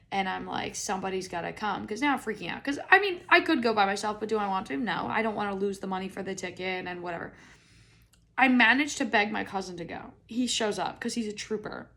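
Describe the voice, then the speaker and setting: A young American woman hosting a podcast, telling a comedic story in a chatty, animated way with lots of "like" and some swearing. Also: mid-range voice, gravelly. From United States. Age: young adult. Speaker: podcast host.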